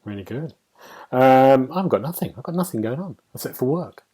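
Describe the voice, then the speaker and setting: A man's voice: medium pitch, animated, moderate pace, dark tone, husky. A man hosting a casual gaming podcast, chatty and loose, reading out release dates with plenty of ums. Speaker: podcast host.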